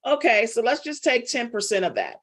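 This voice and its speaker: A woman's voice: on the high side, wildly swooping pitch, a little fast. Middle-aged woman coach, playful, calls on class members by name during a live lesson. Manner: chatty, teasing, calls on students by name. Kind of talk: casual live online class.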